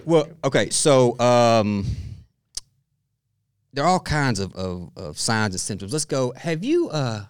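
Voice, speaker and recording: A middle-aged man with a smooth, resonant voice, sitting in as a guest on a podcast. He tells stories in an animated, chatty way, slipping into laughter often. His voice sits at an everyday pitch, recorded close and dry. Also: slow, no room sound. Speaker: guest expert. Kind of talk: podcast interview conversation.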